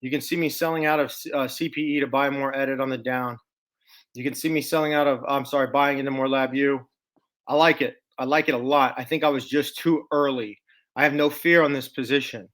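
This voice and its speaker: A middle-aged man with a Texan drawl walks through his trading game plan in a loose, folksy way. He talks like he's chatting with regulars, with plugs and asides thrown in. His voice sits at an ordinary middle pitch. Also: fairly even intonation, fairly quick, a bit bright. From Texas. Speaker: stock market commentator. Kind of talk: casual screen-share market commentary.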